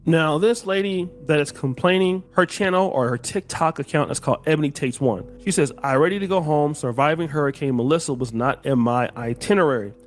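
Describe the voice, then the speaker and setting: A man hosting a casual commentary stream, explaining the news in a measured way. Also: on the high side. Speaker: stream host.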